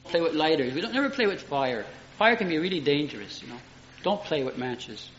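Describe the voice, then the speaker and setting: A middle-aged man preaching with earnest, homely storytelling, his voice a little high for a man. The recording is dull and muffled, with a roomy echo from the church hall and faint ambience behind him. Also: very animated, a little fast, fairly bright tone. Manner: earnest, homely storytelling with frequent "you know". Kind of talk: sermon. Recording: dull echoey room recording.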